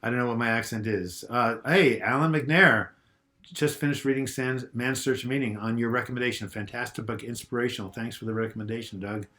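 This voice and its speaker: A man's voice: medium pitch, brisk, bright, forceful tone. Older man hosting a chatty live Q&A. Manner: chatty, reads out viewer comments and answers them. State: getting over a cold. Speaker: host of a mental health Q&A. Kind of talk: casual live video chat. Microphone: lavalier mic.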